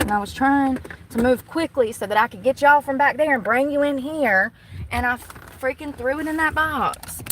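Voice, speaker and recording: A woman's voice: high-pitched, moderate pace, fairly bright tone. A young woman, rambling and swearing freely as she livestreams from a phone around her vehicle. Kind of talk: casual livestream chat. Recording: vehicle noise behind voice.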